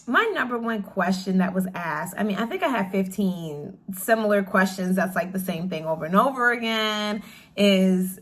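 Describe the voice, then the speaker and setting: A woman's voice: medium pitch, expressive, moderate pace. A young woman chatting casually to camera in a question-and-answer vlog, bubbly and full of "like" fillers, laughing often. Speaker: vlogger.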